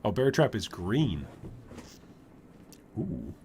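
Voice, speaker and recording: A man streaming gameplay, chatty and animated, commenting on his build and answering chat. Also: fairly low pitch, very slow, gravelly, slight background noise. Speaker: streamer, game host.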